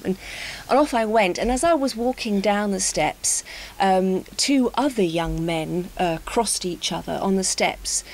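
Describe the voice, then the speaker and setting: A woman's voice: medium pitch, normal speed, a little hiss or hum, rough recording. A woman from the UK talking in an unscripted conversation for English learners, thoughtful and hesitant, with fillers and repeated words. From United Kingdom. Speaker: speaker in an English-learning talk.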